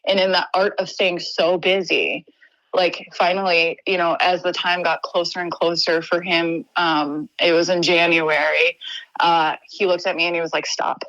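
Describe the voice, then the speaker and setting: A woman's voice: fairly low pitch, level tone, fairly bright tone, dry recording, dull audio. Earnest woman telling a hard story. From Wisconsin. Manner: earnest, halting, many restarts and fillers. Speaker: podcast guest. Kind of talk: candid personal storytelling.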